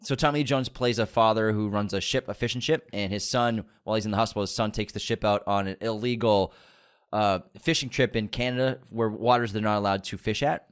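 A man's voice: lowish voice, brisk, clear, resonant tone. Guy on a movie podcast, laughs a lot, kinda trails off, easygoing. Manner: joking, laughs often, trails off. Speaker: podcast co-host. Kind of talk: casual movie news chat.

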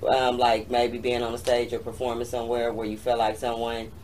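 A man's voice: medium pitch, monotone, a little fast, darkish tone. A man interviewing a guest in a loose, chatty way, often asking "you know what I'm saying". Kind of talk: casual interview chat. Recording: distant mic, faint background noise.

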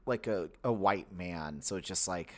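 A man co-hosting a podcast, chatting casually and joking around, sometimes slipping into soft mock voices. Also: low voice, measured pace. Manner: animated, jokey, drifts into soft mock voices. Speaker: podcast co-host. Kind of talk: casual chat.

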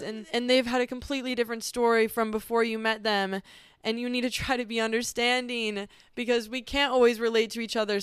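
A woman's voice: mid-range voice, fairly bright tone, clear, resonant tone, dry recording, clean studio sound. A woman hosting a podcast, talking candidly and earnestly about her feelings in a personal monologue. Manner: earnest and emotional, speaking frankly about feelings. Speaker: podcast host.

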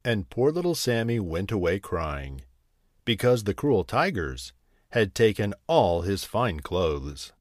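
A man reads a children's story aloud in an unhurried, sing-song way. His pitch rises and falls freely, and the dry, close sound has no room to it. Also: dry recording.

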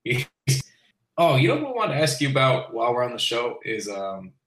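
A man's voice: mid-range voice, sing-song, a little fast, a bit bright. A young man co-hosting a casual live sports podcast, asking questions in a hesitant way with many restarts. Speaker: podcast co-host. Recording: echoey room.

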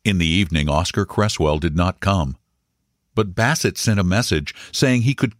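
A man with a deep voice reads a story aloud with a very expressive, wide-ranging delivery. He measures his pace and slows down for tense moments. The recording is dry and close. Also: no echo. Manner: measured, slowing for suspense. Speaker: narrator. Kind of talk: dramatic story reading.

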